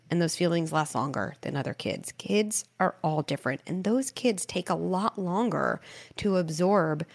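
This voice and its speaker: A woman hosting an advice call-in show, talking parents through tantrums in a warm, animated way and acting out playful scripts. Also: lowish voice, creaky. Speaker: parenting expert, show host.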